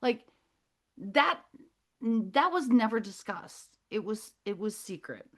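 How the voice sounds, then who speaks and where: A middle-aged woman speaking as a guest, telling her story in a scattered, rambling way. She often loses her thread and breaks off with quick apologies. Her voice sits a little higher than most women's. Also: sing-song, a bit bright.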